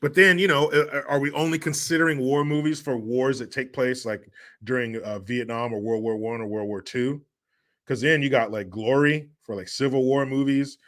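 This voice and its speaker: Man, casual livestream host, loose and joking, reads chat, mid pitch. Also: steady tone, normal speed, a bit bright.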